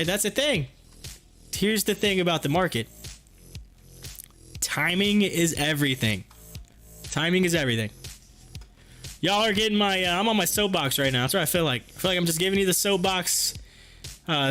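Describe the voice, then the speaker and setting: A man hosting a casual livestream, reading chat and talking in an excited, chatty, folksy way, a bit hoarse. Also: high voice, normal speed, pauses often, faint music behind. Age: adult with kids. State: hoarse, losing his voice.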